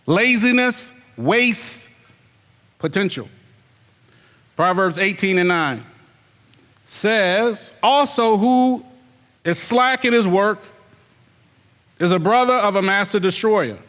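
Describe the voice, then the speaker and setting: A man with a high-pitched, slightly bright voice preaches a sermon as an elder, taking it slowly with long pauses, and a long reverb tail trails his words. Emphatic and repetitive, he fires rhetorical questions at the congregation and mimics lazy excuses in put-on voices.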